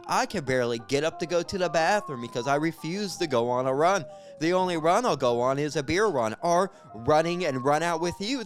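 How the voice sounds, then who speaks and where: A young man improvising a stand-up story, jumping between voices for each character. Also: high voice. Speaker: stand-up comedian.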